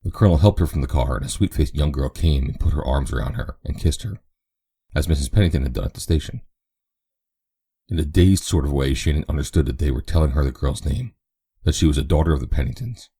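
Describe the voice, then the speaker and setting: A man narrating a novel as an audiobook in a steady, even reading. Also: rumbling low, fast talker, breathy edge. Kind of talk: scripted narration.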